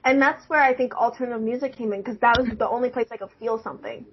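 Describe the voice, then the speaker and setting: A woman's voice: fairly high pitch, fairly even intonation, quick pace, a little hiss or hum. A young woman chatting casually, laughing often and filling her talk with "like". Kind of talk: casual chat. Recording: dull lo-fi recording.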